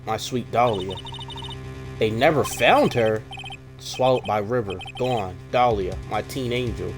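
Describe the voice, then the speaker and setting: A man's voice: lowish voice, unhurried. A man voicing a brooding young male convict who talks in clipped, broken English, over game music.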